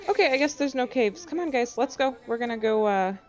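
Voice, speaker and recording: A woman's voice: on the high side, lively intonation, fairly quick, soft background music. A woman playing a tabletop game, speaking casually and often restarting her sentences. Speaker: player.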